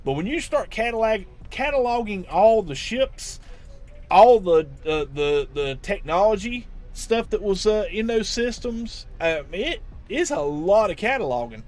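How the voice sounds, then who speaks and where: A man's voice: sits high, expressive, unhurried, darkish tone. A man live streaming a video game, chatting casually and answering his viewers' chat with lots of restarts.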